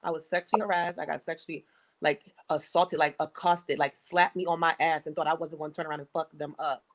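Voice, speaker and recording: A woman's voice: low-pitched, level tone, brisk, low-quality recording. A young American woman telling stories in a blunt, profane, casual way. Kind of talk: casual chat.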